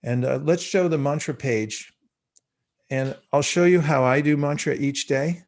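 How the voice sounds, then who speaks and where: A man in his sixties giving a guided spiritual talk over a video call, teaching in an unhurried, measured way with frequent pauses. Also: on the high side. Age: 60s.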